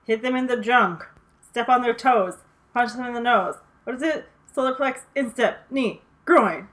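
A young woman in casual chat about horror films, animated, swearing freely and using lots of fillers. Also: fairly high pitch, measured pace.

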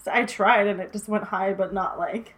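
A woman's voice: mid-range voice, fairly even intonation, moderate pace, fairly bright tone. A woman co-hosting a casual podcast chat, rambling and swearing, a bit tipsy from drinking. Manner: laughs often, swears, rambling with many likes. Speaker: podcast co-host. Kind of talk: casual chat about a horror movie.

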